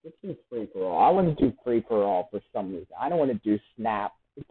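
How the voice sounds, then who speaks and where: A man giving let's play commentary, excitable, often shrieking and laughing as he plays. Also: on the low side, quick pace, breathy edge. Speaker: gamer. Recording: tinny phone-like sound.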